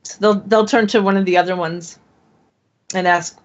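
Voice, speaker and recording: A woman playing in a tabletop game, talking haltingly with lots of fillers and giggles. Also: mid-range voice, steady tone. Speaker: player. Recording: dull lo-fi sound.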